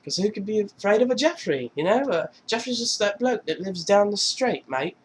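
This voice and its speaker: A man's voice: high voice, lively intonation, normal speed, slight background noise, pitched above the performer's own voice. A man putting on a laid-back male rock star, easygoing and chummy. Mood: breezy. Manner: easygoing, chummy, rattles off lists.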